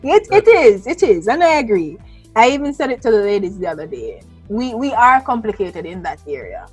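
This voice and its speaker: A woman co-hosting a casual panel discussion, talking in a lively, playful and emphatic way. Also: fairly high pitch, fairly quick, slightly rough, faint music behind. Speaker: co-host.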